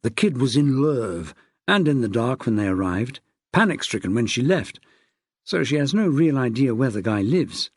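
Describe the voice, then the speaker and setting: A man narrating an audiobook in an expressive way, shifting his pitch for the characters. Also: normal speed, slightly rough, dry recording. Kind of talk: scripted narration.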